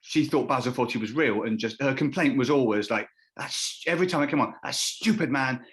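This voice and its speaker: A man's voice: mid-range voice, fast talker. A man, a comedian on a live panel, telling a rambling anecdote that keeps interrupting itself and acts out the people he quotes. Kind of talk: comic storytelling on a live panel.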